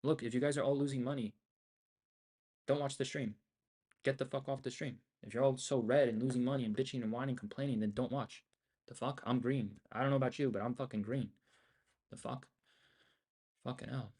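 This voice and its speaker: A young man livestreams his trades, venting at his viewers in a heated, profane rant. His voice sits at an ordinary middle pitch, and he speaks into a desk mic at his streaming setup. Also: fairly even intonation, fairly quick, pauses often, a little mellow, husky. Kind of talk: profane ranting commentary on a trading livestream.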